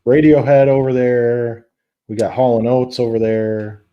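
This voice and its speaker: A man's voice: mid-range voice, steady tone, measured pace, lo-fi sound. A man appearing as a guest on a casual podcast, speaking in an easygoing, friendly way over a remote call from home.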